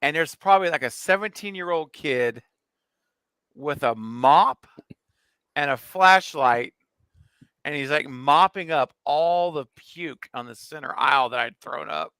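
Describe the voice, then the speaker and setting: A man's voice: on the high side, a little slow, clear, resonant tone, no room sound. A man in his forties on a casual livestream, telling a funny childhood story with lots of laughter. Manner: animated storyteller, laughs often. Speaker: co-host.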